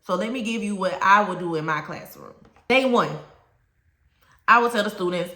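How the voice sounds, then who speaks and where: A woman with a Southern US accent talks teachers through classroom respect in an emphatic, plain-spoken way. Her voice is bright and carries well. The room around her has a noticeable echo. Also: medium pitch, moderate pace. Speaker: teacher trainer. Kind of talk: teaching talk to camera.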